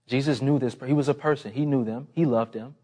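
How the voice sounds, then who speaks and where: A pastor tells a personal story from the pulpit in a conversational way, then builds into an impassioned appeal, his pitch and volume climbing toward the end. His voice is warm and steady, moving a little fast.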